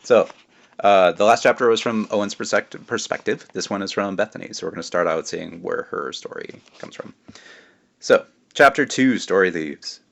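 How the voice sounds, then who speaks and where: Low-voiced man reading a children's book. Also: normal speed, creaky, a little hiss or hum. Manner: friendly, relaxed, comments between passages. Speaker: author reading his book. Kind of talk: children's book read-aloud.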